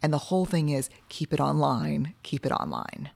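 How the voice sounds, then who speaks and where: A woman's voice: deep voice, normal speed, gravelly, no echo. A woman guest in casual conversation, telling stories with energy, acting out other people's lines and swearing casually. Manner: animated storyteller, acts out quoted voices, casual swearing.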